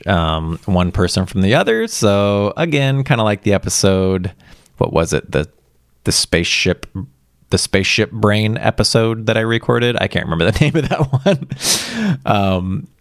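A man's voice: deep voice, gravelly, no echo, studio quality. A man hosting a story-reading podcast, chatting casually and rambling as he thinks aloud, with frequent chuckles. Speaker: podcast host reading old stories. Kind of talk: casual after-reading chat.

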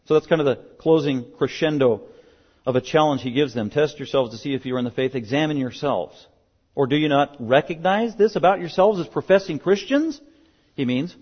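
A fairly high-voiced man preaching from the pulpit, pressing his points with insistent repetition. The recording sounds dull and muffled. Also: brisk, slightly rough. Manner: emphatic, repeats key words for stress. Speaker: pastor. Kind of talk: sermon.

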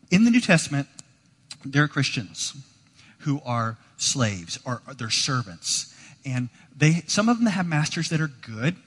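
Pastor preaching in a reverberant hall. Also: male voice, fairly high pitch, husky. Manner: conversational, shifts from quiet to emphatic. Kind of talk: sermon.

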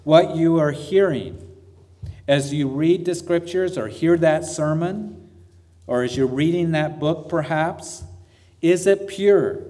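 Male pastor preaching, slightly high voice, earnest with rhetorical questions, long hall reverb. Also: dark tone. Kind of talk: sermon.

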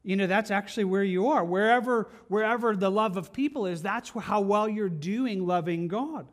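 Guy pastor giving a chatty sermon, kinda high voice, earnest, keeps asking the crowd questions. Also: moderate pace. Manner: earnest, plainspoken, with rhetorical questions. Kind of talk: conversational sermon.

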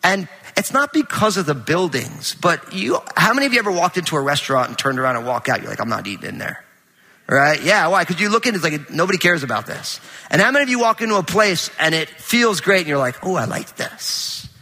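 A middle-aged man preaching a conversational sermon in a large church auditorium, animated and full of anecdotes with quoted dialogue. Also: sits high, fast, few pauses, long reverb tail. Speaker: pastor.

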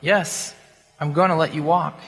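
A man voicing a calm, firm school principal who speaks quietly and in measured words, in a sermon story. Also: on the high side, gravelly, faint music behind. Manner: quiet and measured, at times whispered. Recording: long hall reverb.

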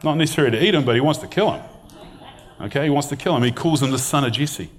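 A man's voice: mid-range voice, rapid-fire, slight background noise. A middle-aged man preaching a sermon, retelling a scripture story in a conversational, storytelling way and reading passages aloud.

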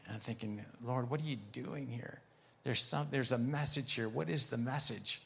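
A man's voice: fairly low pitch, a bit bright. A man preaching a sermon, telling a story and retelling conversations as he goes, then turning firm and emphatic on commands.

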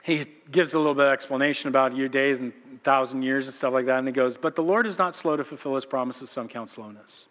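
A man's voice: medium pitch, fast, hardly any pauses, big-room sound. A man preaching a sermon as pastor, telling stories animatedly and acting out voices. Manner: animated storytelling, acts out voices. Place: church sanctuary.

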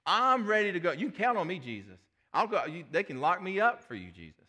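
A man preaching voices a passionate male disciple, making loud, emphatic vows. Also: fairly high pitch, very animated, moderate pace. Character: passionate bold male disciple, middle-aged.

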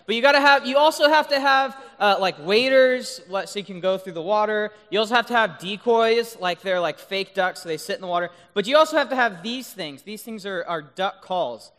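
Youth speaker, male, high and bright voice, playful, keeps asking "right?", long hall reverb. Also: a little fast, few pauses. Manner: playful, keeps checking in with the audience. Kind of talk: youth talk with duck call demos. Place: large room full of high schoolers.

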